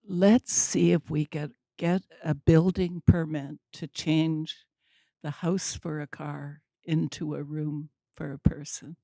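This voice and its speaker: An older woman telling a story at a community talk, deliberate and wry with dry humor. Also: low voice, fairly even intonation, vocal fry, dark tone, no echo.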